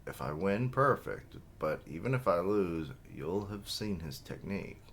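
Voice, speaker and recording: A man's voice: low-pitched, expressive, unhurried, fairly bright tone, slight background noise, heavily acted. A man reading the lines of a resolute young archer, the older brother, in a firm, commanding way.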